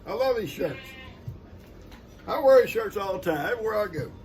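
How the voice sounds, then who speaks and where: Older man, folksy and rambling, high and lively voice, noisy home recording. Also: brisk, faint music behind. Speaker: vlogger opening gifts. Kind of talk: casual chat to viewers.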